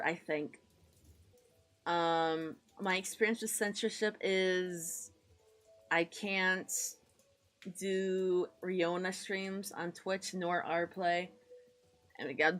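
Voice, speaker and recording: An American woman with a fairly low, slightly bright voice streams live while she draws. She chats casually, rambling and poking fun at herself, muttering under her breath and warmly greeting her chat.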